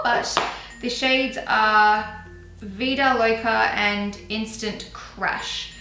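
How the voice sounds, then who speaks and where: A woman's voice: a little high, fairly even intonation, drawn-out words, reverberant, over music, rough recording. A young woman chatting casually and giggling as she shows and tries out makeup on her channel. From Australia. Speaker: beauty vlogger. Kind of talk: casual chat.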